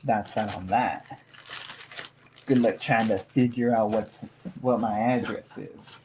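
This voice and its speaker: A man's voice: lowish voice, fairly even intonation, slow, noisy background. A man chatting casually to live viewers as he unboxes a tarot haul, rambling with many fillers and small asides.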